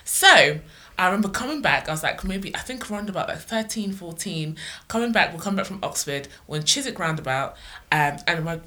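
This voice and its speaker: A woman's voice: lowish voice, a little fast. A young woman telling a story in casual chat, laughing often as she talks. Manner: animated, laughs through her stories.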